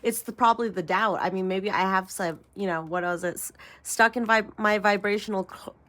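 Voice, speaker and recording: A woman talks loosely to her viewers as a tarot reader, wandering from thought to thought. She laughs easily and teases herself between points. Her voice sits at a middle pitch, neither high nor low. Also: brisk, sharp tone. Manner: rambling and chatty, laughing often, with self-mocking asides. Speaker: tarot reader and channel host. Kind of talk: casual spiritual vlog chat.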